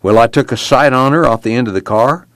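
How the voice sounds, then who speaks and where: A man's voice: medium pitch, quick pace, fairly bright tone, no echo, clean studio sound, pitched above the performer's own voice, close to an everyday voice. A man reading aloud voicing a practical, blunt young man from a rural family in an audiobook, with a folksy drawl. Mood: earnest.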